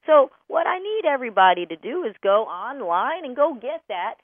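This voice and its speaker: A woman dog trainer hosting a radio talk show, bubbly and animated, laughing often. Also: sits high, moderate pace, no room sound. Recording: tinny phone-like line, dry.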